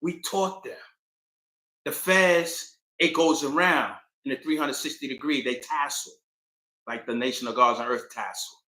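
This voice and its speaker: A man's voice: mid-range voice, unhurried. A man hosting his own channel, telling history in a casual, slangy storytelling way and acting out quotes. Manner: slangy, animated, acts out quotes. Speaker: channel host. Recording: echoey room.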